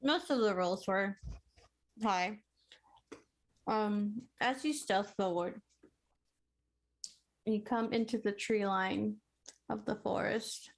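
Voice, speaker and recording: A woman acting as game master, narrating a tabletop game in a halting way, with many pauses and fillers. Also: medium pitch, gravelly.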